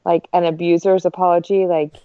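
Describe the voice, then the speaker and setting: A woman's voice: lowish voice, flat delivery, a little fast, warm tone, no room sound. Woman, candid conversational storytelling, slightly dull recording, dry sound. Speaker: podcast co-host. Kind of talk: casual chat among friends.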